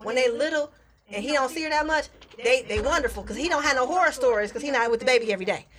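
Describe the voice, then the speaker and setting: A woman comedian in casual chat, telling animated stories and acting out the people in them. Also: sits high, fast talker. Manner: animated storytelling, acts out quoted voices.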